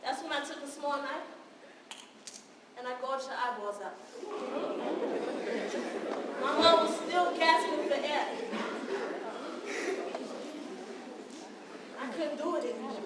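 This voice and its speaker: A woman's voice: high voice, unhurried, long pauses, over a noisy crowd, heavy background noise. An actress playing a wounded, defiant young woman who confesses to her counselor on a live stage, talking raw and confrontational. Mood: cold. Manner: raw and confrontational, with bursts of bitter laughter. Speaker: stage actor. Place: theater stage. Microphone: distant room mic. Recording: echoey hall from far off.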